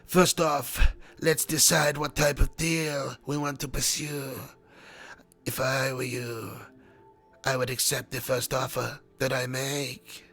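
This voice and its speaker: A man's voice: medium pitch, level tone, slow pace, gravelly, fairly bright tone, faint music behind, heavily acted. A man on a live stream voicing a haggling male football transfer negotiator in a mock accent, reading the game's dialogue theatrically. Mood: smooth, businesslike.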